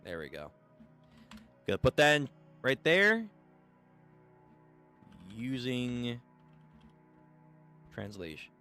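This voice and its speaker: A man reacting out loud on a live manga readthrough stream, swinging his pitch all over as he talks. His tone is bright and forward, loose and slangy, and soft music hums faintly behind him. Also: takes it slowly, pauses often. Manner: animated and slangy, chatting to viewers. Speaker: streamer reading manga aloud. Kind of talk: casual live readthrough commentary.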